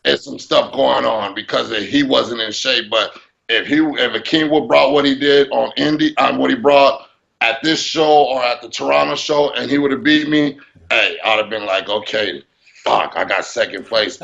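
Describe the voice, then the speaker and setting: A man talking in a casual interview as a bodybuilder guest, animated, acting out his own thoughts. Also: medium pitch, normal speed, gravelly, lo-fi sound.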